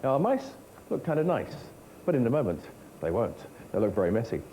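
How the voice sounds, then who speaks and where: A man's voice: medium pitch, very animated, brisk, dark tone, slight background noise, rough recording. A man hosting a children's TV game show from a studio set, jokey and full of puns. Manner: jokey, punning, bouncy.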